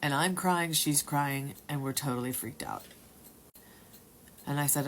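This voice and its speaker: A woman at home telling a personal story in a rambling, halting way, sometimes dropping to a whisper. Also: deep voice, slight background noise. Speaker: testimony speaker.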